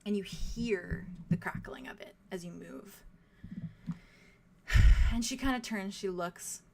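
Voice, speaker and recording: A woman's voice: mid-range voice, slow pace, vocal fry, darkish tone, slight background noise. A young woman narrating a tabletop game as game master, descriptive and full of fillers. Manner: descriptive, many fillers like "like" and "kind of".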